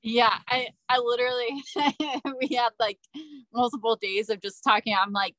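A woman's voice: a little high, steady tone, moderate pace, a bit bright, dry recording, poor audio. A woman guest on a podcast, speaking casually and hesitantly with lots of fillers. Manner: hesitant, many likes and restarts. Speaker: guest, ministry business co-founder.

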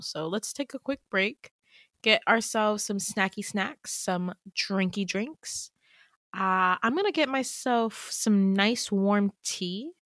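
A young woman hosting a podcast, retelling her dream in casual chat, full of "like" and quick laughs. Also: medium pitch, a bit bright, dry recording, studio quality. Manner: chatty, full of "like", laughs often. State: tearful, emotional. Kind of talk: casual storytelling.

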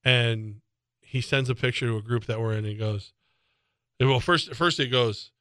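A man's voice: medium pitch, moderate pace, a bit bright, smooth, no room sound. A middle-aged man hosting radio sports talk, rambling and interrupting himself as he tells stories at a studio mic. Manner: rambling, self-interrupting storyteller.

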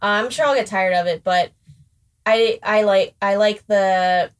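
A woman's voice: medium pitch, measured pace, clean tone. A young woman chatting casually about music, often restarting her sentences and giggling. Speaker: podcast co-host. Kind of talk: casual music review chat.

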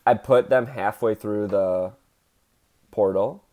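Male podcast co-host, relaxed pace, jokey rambling chat. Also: on the low side. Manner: jokey, rambling, quick to riff. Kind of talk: casual chat.

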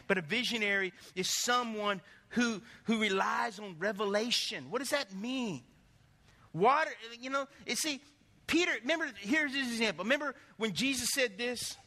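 A man preaching a sermon as pastor, telling lively stories and putting questions to the congregation. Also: sits high, long reverb tail. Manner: animated storytelling, asks the congregation questions.

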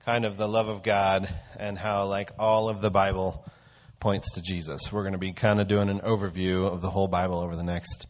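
A man with a somewhat low voice leads a casual church talk. He speaks in a loose, conversational way and eases into his teaching through a story. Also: level tone, fairly quick. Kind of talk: casual sermon.

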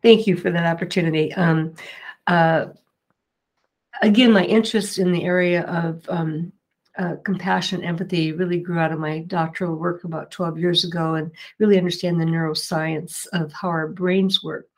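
A middle-aged woman speaks as an interview guest, explaining her work in an earnest, patient way. Her voice sits on the lower side. She pauses often with fillers and starts over mid-sentence. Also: fairly even intonation. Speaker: mediator and guest. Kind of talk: interview answers.

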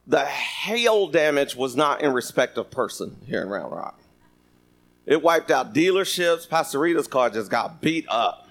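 A man's voice: medium pitch, very animated, unhurried, creaky, fairly bright tone. A man preaching a sermon, reading scripture and joking with the congregation. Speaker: pastor. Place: church sanctuary.

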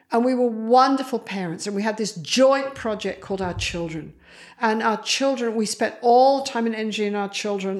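A woman psychologist, a guest in an interview, telling stories and acting out the voices of the people in them. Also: fairly high pitch. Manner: animated, acts out quoted voices. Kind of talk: storytelling in an interview.

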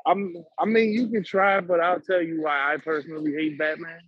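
A man's voice: fairly high pitch, level tone, moderate pace, breathy edge, dry recording, dull audio. A man in casual chat, blunt and slangy.

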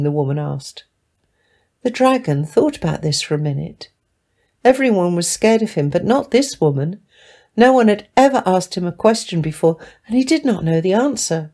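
A woman's voice: fairly low pitch, expressive, normal speed, gravelly, mellow. Woman reading a children's story aloud. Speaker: story reader. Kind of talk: storybook narration.

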